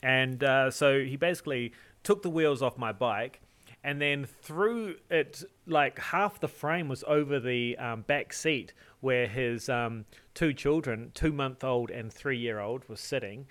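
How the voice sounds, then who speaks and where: A man spins a long tale on a podcast in a loose, chatty way. He laughs often and stumbles over repeated words. His voice sits at an ordinary middle pitch. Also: measured pace, a bit bright. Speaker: podcast co-host. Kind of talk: casual storytelling.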